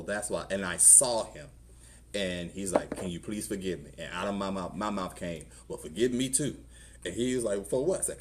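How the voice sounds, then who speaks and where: A middle-aged man with a Southern US accent, a pastor telling his own story in a conversational sermon and acting out the voices in it. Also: lowish voice. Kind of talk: testimony sermon. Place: church.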